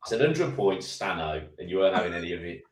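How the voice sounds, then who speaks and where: Brummie phone-in host, jokey and chatty, lowish animated voice in an echoey room. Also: male voice, fast talker, over a noisy crowd. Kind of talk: casual football phone-in banter.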